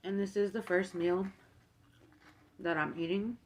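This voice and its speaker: A young mukbang vlogger speaks at a measured pace in a fairly low voice with fairly even intonation. Her casual storytime while eating is chatty and filled with fillers, and she acts out the people she quotes.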